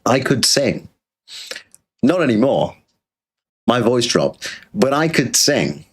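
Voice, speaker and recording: British guy ranting on stream, sarcastic and crude, average pitch. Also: sing-song, takes it slowly, husky. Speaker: streamer host. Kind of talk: livestream rant.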